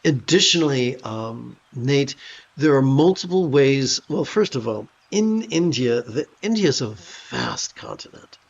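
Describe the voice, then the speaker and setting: A calm man giving a meditation talk on a livestream, with a gravelly edge to his voice. He speaks thoughtfully and stops at times to rephrase. The sound is dull and lo-fi. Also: medium pitch, a little slow. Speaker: meditation teacher.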